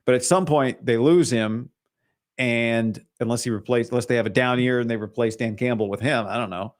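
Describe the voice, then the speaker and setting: A man's voice: mid-range voice, brisk. A man hosting a solo sports talk show, opinionated and hedging, with frequent restarts.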